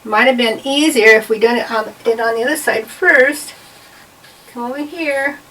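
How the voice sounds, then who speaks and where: A woman's voice: on the high side, normal speed, pushed and bright, slight background noise. Woman, drawing teacher for kids, patient, step by step, bit distant from mic. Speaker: art teacher. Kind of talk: drawing lesson for children.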